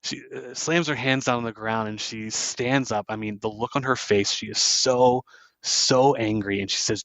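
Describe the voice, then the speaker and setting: A man's voice: medium pitch, fairly even intonation, normal speed, fairly bright tone, no echo, low-quality recording. A man hosting a casual podcast, retelling movie scenes and briefly acting out the characters' lines. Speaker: podcast host. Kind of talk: casual movie recap chat.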